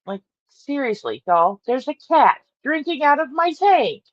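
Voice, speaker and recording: A woman's voice: sits high, sing-song, a little slow, no echo, lo-fi sound. A woman hosting a casual morning livestream from her bedroom, rambling, laughing often and talking to her cat. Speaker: livestream host.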